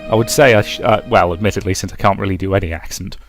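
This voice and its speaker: A man hosting a let's play, reading the game's text aloud in a casual, expressive way and adding his own comments. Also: low voice, fast talker, music in the background.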